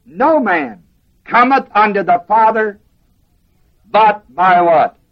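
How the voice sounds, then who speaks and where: A man's voice: high voice, expressive, slow, muffled recording. A man preaching a sermon to a class, emphatic and asking them questions. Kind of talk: sermon teaching.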